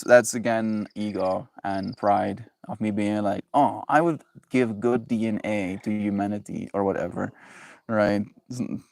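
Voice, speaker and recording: A man's voice: fairly low pitch, vocal fry, no room sound. A man on a daily livestream, chatting in a rambling, playful way, laughing often and reading viewer messages aloud. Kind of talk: casual livestream chat.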